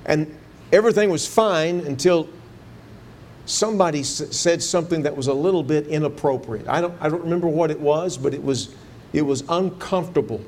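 A man preaching a sermon in a fairly high voice, telling his story earnestly and pushing up into fervent pleading as he recalls his prayers. A faint low rumble sits under the recording. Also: fairly quick, a little mellow. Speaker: pastor.

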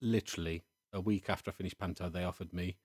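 A man's voice: deep voice, fast talker, dry recording, clean studio sound. A man, a pantomime dame performer, telling stories in casual chat and laughing often. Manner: animated storyteller, laughs often.

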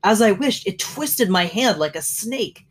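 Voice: mid-range voice, lively intonation, measured pace, husky, voice pushed up. A reader voicing an elderly father who is eager and curious, with nervous edges.

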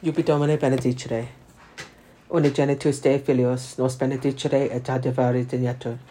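A man reciting the Divine Office, reading psalms and lessons in a steady liturgical recitation. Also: mid-range voice, fairly quick, slight background noise. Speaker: prayer leader.

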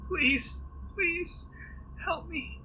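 A man voicing a frightened captive woman in a high falsetto during a tabletop game. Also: very slow, sharp tone, a little hiss or hum, full character voice, low-quality recording. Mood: pleading.

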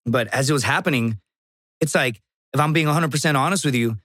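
A guest on a casual podcast, this stand-up comedian and former Marine from Laredo, Texas, tells stories with profanity and animation, acting out the quotes. His pitch is medium and his delivery brisk, captured in clean studio sound without echo.

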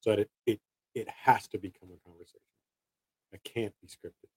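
A man's voice: lowish voice, fairly even intonation, fairly quick, a little mellow, slightly rough, dry recording, poor audio. A man in his thirties, a salesman, chatting casually and rambling through stories with many restarts. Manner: rambling, restarts sentences, acts out quotes. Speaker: door-to-door salesman. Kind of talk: casual chat.

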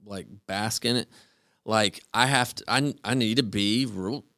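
A man's voice: on the low side, measured pace, sharp tone, no echo, studio quality. A man hosting a podcast who speaks earnestly and reflectively in casual chat, often filling with "like" and "right?". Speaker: podcast host.

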